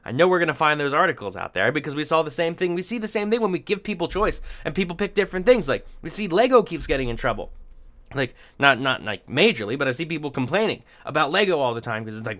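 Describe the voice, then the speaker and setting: A man's voice: a little high, lively intonation, quick pace, fairly bright tone. Rambling, wry man giving opinion commentary. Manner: rambling, thinks aloud with many restarts; wry, sarcastic asides. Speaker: commentary vlogger.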